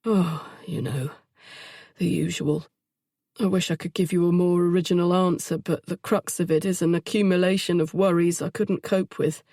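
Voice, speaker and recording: A woman voicing a troubled young man in an audiobook, speaking softly and haltingly as he confesses. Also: fairly low pitch, steady tone, no echo, studio quality. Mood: weary. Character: troubled young adult man, weary and remorseful.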